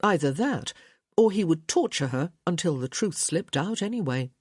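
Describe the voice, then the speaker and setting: A woman giving expressive scripted narration of a romance audiobook. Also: on the low side, normal speed, slightly rough, no room sound, clean studio sound. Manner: expressive storytelling.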